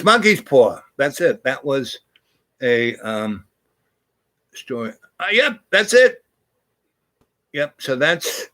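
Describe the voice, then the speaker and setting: An older man spins long, wandering anecdotes in a loose, salty way. He circles back often, stumbling over false starts and fillers, with a middle-pitched voice. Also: fairly bright tone. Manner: meandering, profane, with many fillers and restarts. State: achy and groaning from sitting too long. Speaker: storyteller. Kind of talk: rambling personal storytelling.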